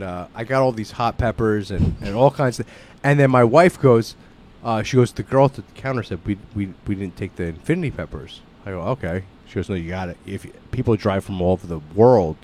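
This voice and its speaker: A man telling a story in casual chat, swearing, restarting his sentences and getting louder as he goes. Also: lowish voice, brisk, slight background noise. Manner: loud, profane storytelling with frequent restarts.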